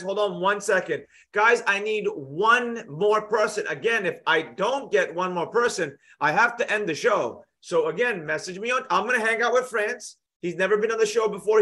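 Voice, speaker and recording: A man's voice: sits high, moderate pace, hardly any pauses, bright, forceful tone. A man hosting a live trading show, chatting in a friendly, casual way and often repeating himself. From United States. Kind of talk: casual live-stream chat.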